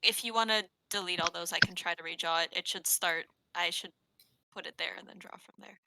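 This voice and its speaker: A woman's voice: lowish voice, fairly even intonation, brisk, creaky, very noisy. A woman playing a tabletop game, talking through her turn with hesitant restarts while she measures on the map. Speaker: player. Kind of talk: casual tabletop game chat.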